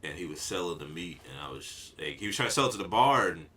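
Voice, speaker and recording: A man's voice: deep voice, lively intonation, fast talker, bright, forceful tone. A man hosting a casual podcast, telling a rambling story and laughing often. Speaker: podcast co-host. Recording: noisy home podcast recording.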